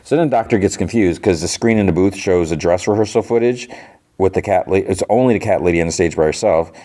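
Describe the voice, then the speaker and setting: A podcast host with a deep, warm voice and quick pace casually recaps a TV episode, rambling loosely and packing in fillers like "like" and "you know."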